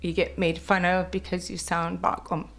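A woman with a Kwakwala-influenced English accent, telling stories in a chatty, animated way during an interview. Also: on the low side, moderate pace, vocal fry, soft background music. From British Columbia, Canada. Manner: chatty, animated, quotes others in put-on voices. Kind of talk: casual storytelling chat.

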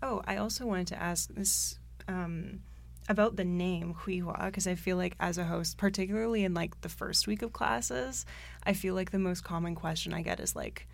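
A woman hosting a casual interview, friendly and quick to laugh. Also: lowish voice, gravelly, dry recording. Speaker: host.

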